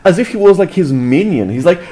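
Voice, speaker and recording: Fired-up man reacting, lively pitch. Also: brisk. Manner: agitated, swearing, repeats words. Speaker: video reactor. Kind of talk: reaction commentary.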